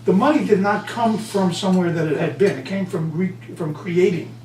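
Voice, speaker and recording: A man being interviewed as an author and speaker, telling stories with lively acted-out quotes. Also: high-pitched, moderate pace. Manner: animated storyteller, acts out quotes. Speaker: guest author and motivational speaker. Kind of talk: conversational interview. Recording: roomy, distant mic, faint hum.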